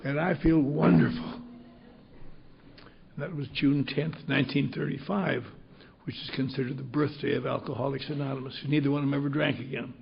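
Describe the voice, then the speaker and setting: At a recovery convention in a convention hall, an older man tells a story bluntly and with salty humor. His mid-range voice stays steady in tone, moves at a quick pace and has vocal fry. The sound is lo-fi.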